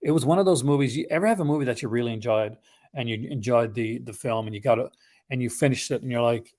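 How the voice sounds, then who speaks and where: A man's voice: mid-range voice, fast talker, darkish tone. A man hosting a casual live unboxing stream, chatting in a rambling, conversational way with enthusiastic asides about films he collects.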